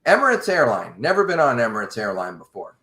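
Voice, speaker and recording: A man casually telling a long travel story to a podcast host in an animated, wry way. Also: medium pitch, quick pace. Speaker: podcast guest. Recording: roomy echo.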